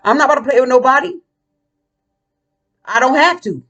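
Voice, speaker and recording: In a casual ranting monologue, a woman vlogger speaks with a high, animated, bright and tense voice at normal speed, with the highs cut off. She comes across blunt, profane and combative.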